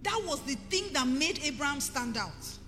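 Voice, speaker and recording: Nigerian woman pastor, middle-aged, emphatic sermon, bright and animated, echoing hall. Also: high voice, normal speed. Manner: emphatic, rising to forceful preaching. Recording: reverberant hall with faint music.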